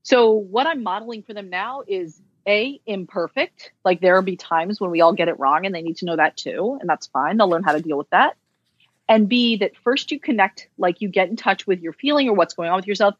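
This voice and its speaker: A woman's voice: medium pitch, fairly quick, no room sound, dull audio. A woman who is a social worker, speaking as a podcast guest in a candid, chatty way with self-deprecating humor. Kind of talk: casual interview conversation.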